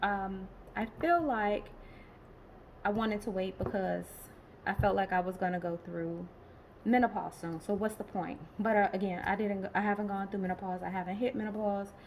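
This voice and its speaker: A woman in her late forties talking in a personal vlog, tired and emotional, rambling and halting with many pauses and restarts. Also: medium pitch, steady tone, a little hiss or hum, low-quality recording. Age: late 40s. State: tired and emotional, has been crying. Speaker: vlogger.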